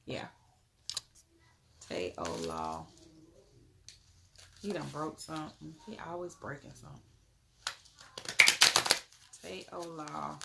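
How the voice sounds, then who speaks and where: A young woman, giving an animated live tarot reading and greeting her viewers. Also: low voice, takes it slowly, gravelly, pauses often, background noise. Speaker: spiritual tarot card reader.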